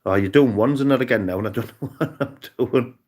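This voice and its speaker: A man's voice: mid-range voice, fast talker, darkish tone. A man with a Cumbrian accent chatting casually and rambling on a live stream, often calling people "mate". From Cumbria, England. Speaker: livestreamer.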